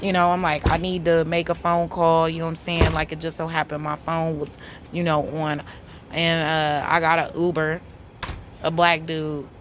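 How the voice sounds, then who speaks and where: A woman, telling a story to camera in a blunt, profane, animated way. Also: low-pitched, normal speed, background noise. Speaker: vlogger.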